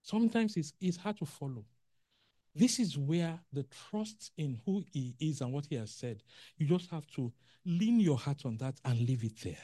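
A preacher giving a sermon in an animated way, acting out quotes and asking the congregation questions. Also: mid-range voice, moderate pace, no echo, clean studio sound.

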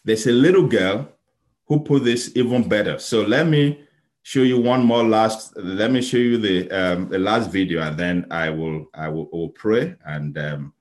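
A man from Nigeria preaching a sermon, telling a story with sudden loud exclaims and soft pleading passages. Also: lowish voice, a little slow.

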